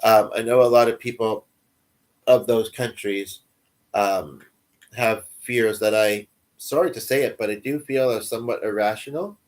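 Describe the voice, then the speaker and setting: A man's voice: lowish voice, normal speed. A man livestreaming in casual chat, answering viewers in a rambling, self-deprecating way and chuckling often.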